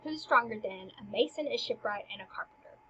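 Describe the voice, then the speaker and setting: A woman's voice: a little high, lively intonation, brisk, bright, forceful tone, dull audio, a little hiss or hum. A woman teaching a literature lesson, paraphrasing casually and dropping into whispered asides.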